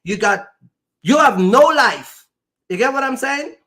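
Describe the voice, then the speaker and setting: High, gravelly-voiced man telling stories. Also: animated, unhurried, bright, forceful tone. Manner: emphatic, acts out quoted exchanges. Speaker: trucking company owner and show host. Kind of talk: animated storytelling chat.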